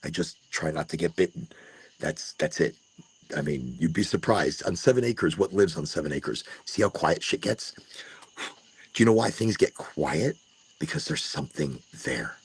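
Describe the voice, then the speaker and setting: A man's voice: low-pitched, big pitch swings, normal speed, creaky, breathy edge. A man hosting a casual late-night podcast monologue outdoors on rural land, rambling and restarting his words as he drifts between jokey asides and earnest encouragement. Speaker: podcast host. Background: crickets and insects.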